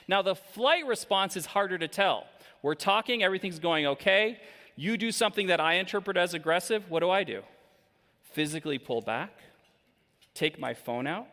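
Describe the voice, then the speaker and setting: A man in his forties giving an energetic, interactive keynote talk from a large stage, quizzing the audience. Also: high voice. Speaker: keynote speaker. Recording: long hall reverb.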